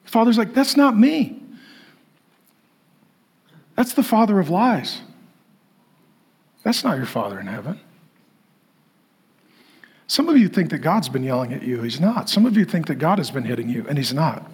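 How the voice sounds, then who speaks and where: Animated husky-voiced male preacher. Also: fairly high pitch, moderate pace, long pauses. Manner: animated, acts out quoted voices. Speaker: pastor. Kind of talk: sermon with storytelling.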